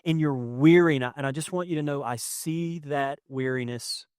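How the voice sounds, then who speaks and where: A young man preaching a sermon as pastor, conversational and emotional, swinging from loud to hushed. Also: a little high, normal speed, clean tone, dry recording, clean studio sound. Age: young adult. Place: church sanctuary with audience.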